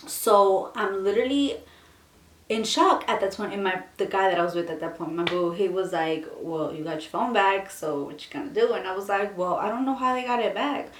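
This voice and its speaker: A young woman vlogger telling a long storytime in casual chat, full of "like" fillers and animated retellings. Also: medium pitch, fairly quick, roomy sound.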